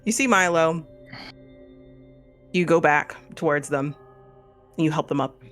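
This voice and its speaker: A man's voice: on the high side, a little slow, a bit bright. A man with a Missouri accent, narrating a tabletop horror game as game master in a casual, rambling way. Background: faint music.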